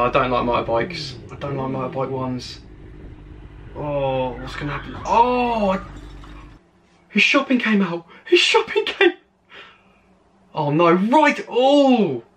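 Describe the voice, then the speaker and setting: A British man hosting his channel, giving excitable reaction commentary on crash videos and exclaiming at each clip. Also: mid-range voice, normal speed, pauses often, slight background noise. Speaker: channel host.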